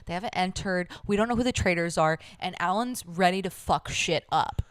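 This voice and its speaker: A woman's voice: fairly low pitch, a little fast, dry recording. A playful woman co-hosting a podcast. She jokes and chats casually. Her voice is recorded close and dry. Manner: playful, jokey, breaks into loud exclamations. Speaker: podcast co-host. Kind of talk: casual chat recapping a reality show.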